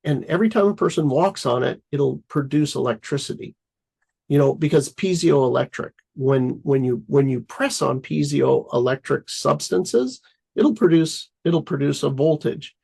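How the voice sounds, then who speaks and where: Gravelly, husky man telling a story. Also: fairly high pitch, moderate pace, low-quality recording. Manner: rambling, heavy on fillers, excitedly acts out his own thoughts. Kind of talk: casual conversation.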